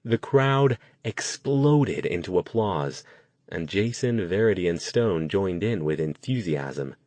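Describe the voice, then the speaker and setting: A man narrating an audiobook in a steady, measured way. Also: low voice, no room sound. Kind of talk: scripted narration.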